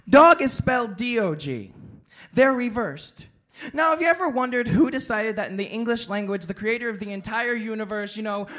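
A slam poet with an extremely high-pitched voice performs a comic poem into a stage microphone at a live poetry venue. He's animated, swinging between shouted lines and hushed ones.

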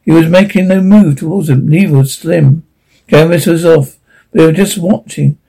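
Man narrating story, halting delivery, slightly high pitch, breathy. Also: dark tone, poor audio. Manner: halting, stumbles over words. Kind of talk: storybook reading.

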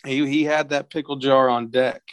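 A young man from tells a story in casual podcast chat. His voice sits mid-range, recorded dry and close. He acts out the quotes in a higher, livelier voice. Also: steady tone, moderate pace, clean tone, no room sound. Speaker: podcast guest.

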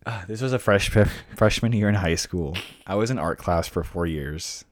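A man's voice: low-pitched, moderate pace, slight background noise. A young man co-hosting a podcast, telling a story in casual chat with lots of fillers, restarts and asides. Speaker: podcast co-host.

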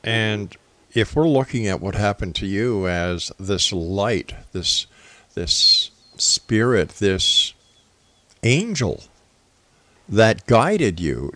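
A man hosting a talk show, asking measured questions and laying out long explanatory theories. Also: on the low side, a bit bright, no room sound. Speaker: radio talk show host. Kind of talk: interview questions and commentary.

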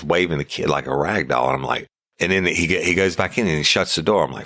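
A man's voice: very deep voice, quick pace, bright, forceful tone, no room sound, clean studio sound. A middle-aged man, a former deputy telling a story in blunt, profane, vivid casual talk.

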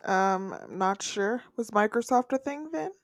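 A woman's voice: medium pitch, expressive, unhurried. A young adult woman co-hosting a podcast, chiming in with short, dry interjections in casual chat. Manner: brief dry interjections and quips. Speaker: podcast co-host.

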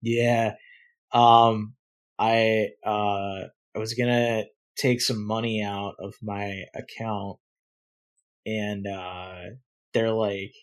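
A young man co-hosting a casual podcast, telling a story and acting out both sides with sudden loud outbursts and lots of swearing. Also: fairly low pitch, flat delivery, extremely slow. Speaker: podcast co-host. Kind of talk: casual chat.

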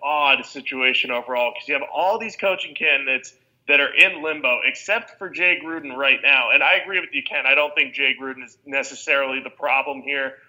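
Bright-toned man analyzing in long sentences. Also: medium pitch, fairly quick, poor audio. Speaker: podcast co-host. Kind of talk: casual sports podcast chat.

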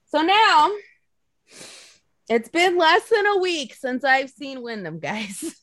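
Animated, swearing woman telling stories. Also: high-pitched, takes it slowly, dry recording, clean studio sound. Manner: animated storytelling, swears freely, acts out quotes. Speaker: podcast co-host. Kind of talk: casual chat.

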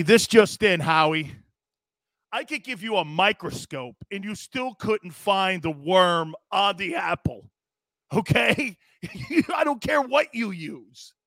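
Brash male sports talk host, high bright voice, dry sound. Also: dry recording. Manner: loud, brash and animated, often shouting. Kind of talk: ranting sports talk monologue.

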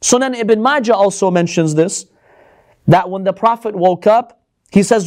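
A man's voice: high-pitched, moderate pace. A man giving a religious lecture to a live audience, arguing with lots of rhetorical questions.

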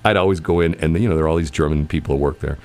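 A man's voice: rumbling low, rapid-fire, a little mellow. A middle-aged man hosting a radio show, telling rambling stories in casual chat, laughing often and restarting his sentences. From United States. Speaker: radio host.

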